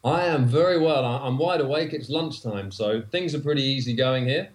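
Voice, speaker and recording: A man's voice: medium pitch, normal speed, reverberant. A man with a London accent, chatting as a guest on a podcast over a video call, with dry self-deprecating humor. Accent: London English. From England.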